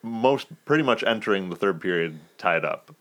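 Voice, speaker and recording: A man's voice: low-pitched, expressive, normal speed, fairly bright tone. A man co-hosting a casual sports podcast, giving rambling, exasperated opinions on hockey plays. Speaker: podcast co-host.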